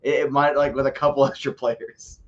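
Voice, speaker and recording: A man's voice: medium pitch, flat delivery, moderate pace, dull audio. A man co-hosting a casual sports podcast, joking and rambling and often repeating words as he talks. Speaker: podcast co-host.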